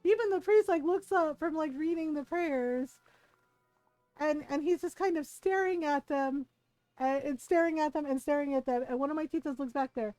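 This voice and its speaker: A high-pitched woman streamer talks over her game, spinning a chatty, animated story with plenty of asides. Her voice sits close and dry against faint background music. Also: moderate pace, dry recording, low-quality recording. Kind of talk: casual storytelling while playing a game.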